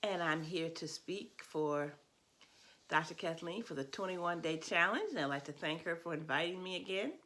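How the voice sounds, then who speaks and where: A middle-aged woman giving an informal talk as an educator, chatty and relaxed, with fillers and small laughs. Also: lowish voice, normal speed. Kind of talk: casual spoken presentation.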